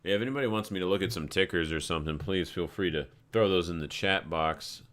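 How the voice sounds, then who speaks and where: On this live crypto trading broadcast, the man talks fast in a low, somewhat bright voice. His commentary on charts and stories is loose and laid-back, wandering along with plenty of profanity.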